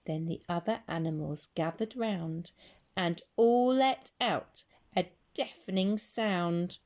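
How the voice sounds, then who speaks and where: Teacher, female, storybook reader, very slow, low-pitched, expressive with whispers. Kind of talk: reading a picture book aloud.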